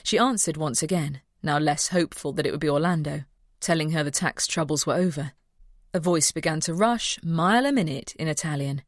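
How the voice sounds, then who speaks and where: A woman's voice: low voice, a little fast, no echo, clean studio sound. A woman narrating a mystery audiobook and voicing a cheerful young vet. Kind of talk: scripted narration.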